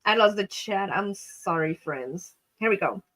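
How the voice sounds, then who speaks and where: A woman hosting a casual live stream from home, chatting to her viewers as friends and telling a story with animated energy. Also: mid-range voice, measured pace, rough recording. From Mexico.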